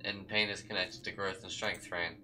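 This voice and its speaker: A smug, scheming old doctor who lectures calmly, as a man reads him. His voice is lowish yet very bright and forceful. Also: moderate pace, faint music behind, low-quality recording. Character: cold older male doctor, scheming and smug.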